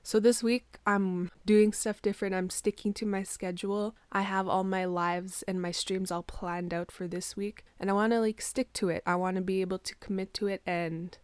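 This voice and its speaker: A woman's voice: mid-range voice, level tone, normal speed, hardly any pauses, clean tone, dry recording. A woman hosting her own podcast from a small bedroom into a plugged-in mic, chatting casually and rambling with lots of "like", her morning voice a little groggy and congested. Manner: chatty, rambling, heavy use of "like". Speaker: podcast host. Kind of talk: casual solo podcast chat.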